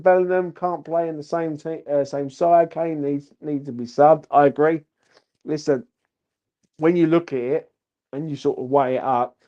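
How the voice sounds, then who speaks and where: A man's voice: medium pitch, mellow, lo-fi sound. A drunk man, rambling and swearing through a post-match reaction vlog as the channel's host. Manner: rambling, sweary, repeats "do you know what I mean". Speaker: football fan channel host.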